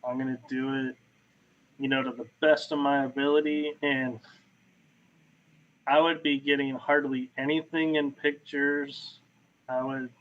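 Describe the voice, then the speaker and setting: A man guest on a podcast, telling paranormal investigation stories in casual chat over a video call, animated. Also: medium pitch. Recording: dull lo-fi call audio.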